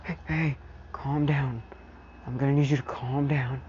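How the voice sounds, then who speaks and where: A stern, protective teacher who doubles as a father, put on by a man narrating a fan story. He talks firmly and drops to a soothing hush, slow and mellow. The recording is dull and lo-fi. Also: mid-range voice, fairly even intonation, slight background noise, natural voice. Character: stern adult male teacher comforting his adopted son.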